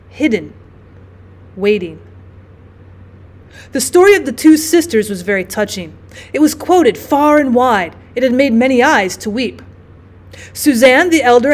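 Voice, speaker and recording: A woman teacher narrating a classic story in a measured, expressive storytelling way. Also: a little high. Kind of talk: audiobook narration.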